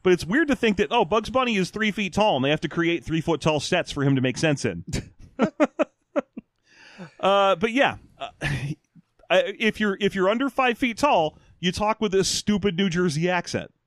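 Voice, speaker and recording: Podcast guy ranting about stuff, lively up-and-down voice, kinda high, dry sound. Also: normal speed, no room sound. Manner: animated, swearing, mock-ranting. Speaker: podcast co-host. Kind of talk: casual chat.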